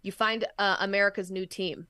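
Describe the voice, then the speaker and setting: A woman's voice: mid-range voice, steady tone, a little fast, bright, forceful tone, no echo. A woman guest co-hosting a sports show, giving blunt, firm opinions in casual debate. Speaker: guest co-host.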